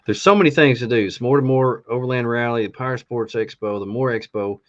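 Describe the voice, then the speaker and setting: A man's voice: medium pitch, brisk. A man co-hosting a podcast, casually reading through a list of classes with many ums and uhs. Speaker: podcast co-host. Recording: dull lo-fi sound.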